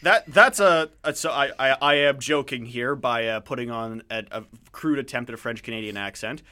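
A man's voice: medium pitch, moderate pace, bright, forceful tone. A man hosting a radio show in casual chat, rambling, joking and mocking himself while he reviews books. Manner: rambling, jokey, self-mocking. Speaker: radio host.

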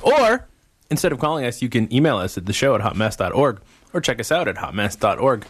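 Male radio co-host, playful and teasing, expressive delivery, dry studio mic. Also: medium pitch, slightly rough, dry recording. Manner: playful, jokey, quick to tease. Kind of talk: casual studio banter.

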